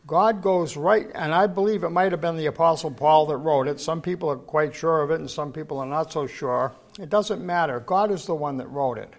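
A man with a fairly high voice leads a Bible study in an informal sermon style. He wanders through stories with many restarts, then slows down to read scripture with weight and emphasis. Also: creaky. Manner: rambling, anecdotal, many restarts; slow, emphatic scripture reading. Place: church gathering, in person.

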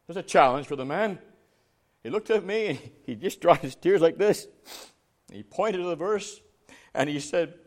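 Male evangelist, high-pitched voice; storytelling sermon that builds to emphatic, loud preaching. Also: expressive, normal speed, long pauses. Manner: laughs while telling stories; acts out dialogue with rising voice.

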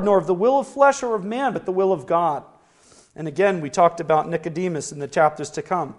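High-voiced man preaching a sermon. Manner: slow, declaring rise on scripture quotes; asks the listeners questions.

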